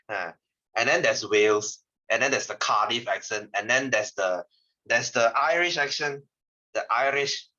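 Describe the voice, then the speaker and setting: A chatty Malaysian man with a Malaysian English accent tutors science in a casual online lesson, rambling and laughing often. His medium-pitched voice is unhurried, bright and forceful. The lo-fi audio sounds slightly dull.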